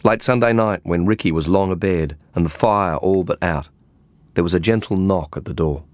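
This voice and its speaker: Deep-voiced male audiobook narrator. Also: moderate pace, a little mellow, dry recording. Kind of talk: scripted narration.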